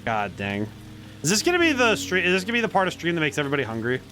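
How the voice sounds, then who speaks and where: A man's voice: a little high, wildly swooping pitch, rapid-fire, sharp tone, soft background music. A man streaming a story game, giving casual commentary and musing aloud in a rambling way. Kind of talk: casual let's-play commentary.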